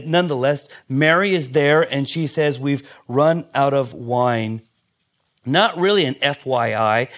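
Middle-aged pastor guy preaching, kinda high voice, acts out the quotes, goes quiet for asides. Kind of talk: sermon.

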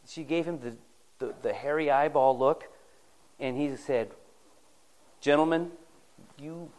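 A man preaching a sermon, retelling a Bible story in a folksy, conversational way and addressing the congregation directly. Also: fairly high pitch. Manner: folksy storytelling, acting out the characters' lines.

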